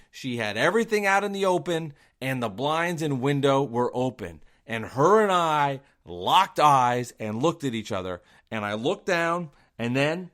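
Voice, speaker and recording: A man's voice: medium pitch, fairly bright tone. Give me a casual male podcaster with a mid-range voice, chatty and self-deprecating. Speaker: podcast host. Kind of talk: casual storytelling.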